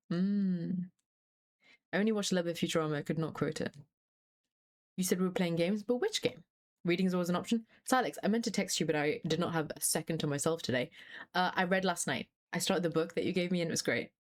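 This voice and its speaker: A woman's voice: lowish voice, fast. Chatty young woman streamer. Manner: chatty and scattered, swears freely, laughs often. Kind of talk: casual live-stream chat.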